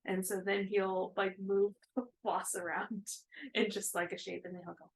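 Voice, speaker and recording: A woman in her thirties chats casually as a co-host, her voice carrying a gravelly fry. She rambles along with plenty of fillers and restarts, at an ordinary pitch. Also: level tone, moderate pace, poor audio. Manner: rambling, chatty, with many fillers. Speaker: co-host of a cross-stitch video chat. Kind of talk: casual chat.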